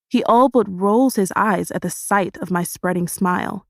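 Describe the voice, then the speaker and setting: A woman narrates a first-person novel as an audiobook, telling it in a steady, expressive way. Her pitch is middling, and the recording is dry and close, without any room echo. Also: moderate pace, hardly any pauses.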